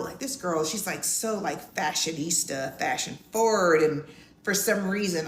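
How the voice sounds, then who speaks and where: A middle-aged woman co-hosting a podcast with her wife. She tells a story casually and acts out the quotes in a high voice. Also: slight background noise. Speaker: podcast co-host. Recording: echoey room with faint ambience.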